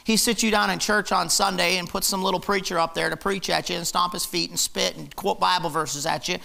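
A man's voice: high voice, fairly even intonation, brisk, gravelly, few pauses, pushed and bright. A man preaching a fiery, emphatic sermon in church, hammering his points with repetition. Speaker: pastor.

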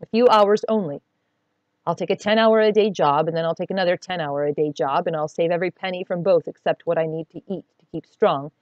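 A woman reading the lines of a quiet, earnest young farm boy in a steady, plain voice. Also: lowish voice, fairly quick, dry recording, muffled recording, natural voice.

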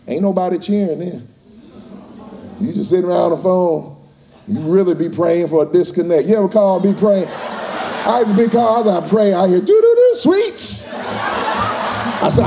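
A man's voice: sits high, normal speed, vocal fry, pauses often, darkish tone, a little hiss or hum. A man giving a fired-up motivational speech to a live audience, using call-and-response and acting out voices. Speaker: motivational speaker.

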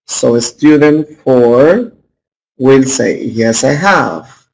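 A man's voice: medium pitch, a little mellow, rough recording. A man teaching an English class as a lecture in a classroom. He keeps checking understanding with "right?" and "okay?" and calls on students by name.

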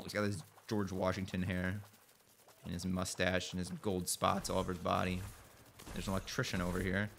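A man's voice: low voice, level tone, moderate pace, gravelly. A young man casually rambling through let's play commentary, goofing around and talking back to the game. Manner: goofy, rambling, talks to the game. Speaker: gaming channel host. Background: game music.

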